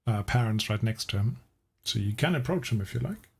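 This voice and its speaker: A man's voice: fairly low pitch, lively intonation, brisk, vocal fry, slightly rough. A man running a tabletop game as game master, describing scenes and asking players what they do.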